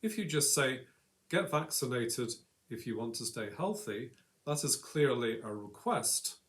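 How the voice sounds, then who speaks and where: A man's voice: medium pitch, lively intonation, a little slow, fairly bright tone. A man co-hosting an English lesson in an ordinary mid-range voice. He explains each grammar point patiently. When he gives the sample commands, he leans on them with authority. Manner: acts out example commands with strong emphasis. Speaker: English teacher.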